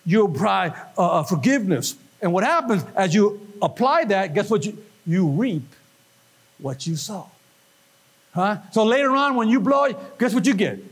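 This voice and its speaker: A man preaching a sermon, animated, with call-and-response and questions to the congregation. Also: high voice, moderate pace, husky. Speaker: pastor.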